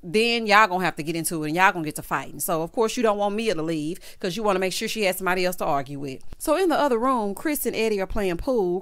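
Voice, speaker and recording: A woman doing a casual, chatty recap of a reality show, sassy and full of "honey" and "baby," with loud bursts of laughter. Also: mid-range voice. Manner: animated, breaks into loud hollering laughs.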